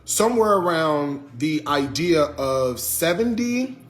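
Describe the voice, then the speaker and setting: Lively man scolding his livestream chat. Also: on the high side, a little slow, faint music behind. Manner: southern US vernacular, addresses viewers as y'all and child. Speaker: livestream host. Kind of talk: casual livestream talk to viewers.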